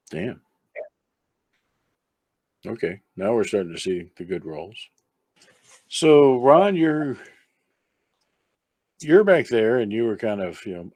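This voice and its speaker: A man runs a tabletop game in an easygoing, chatty way. His voice sits very low and a little husky. The sound is dry and close. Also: a little mellow, no room sound. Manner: easygoing, chatty, breaks off to talk to a pet. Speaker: game master.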